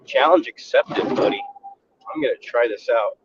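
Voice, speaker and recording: A man's voice: medium pitch, huge pitch swings, normal speed, background noise. A man joking around and teasing his friend during a live stream chat. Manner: teasing, incredulous. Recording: dull lo-fi recording.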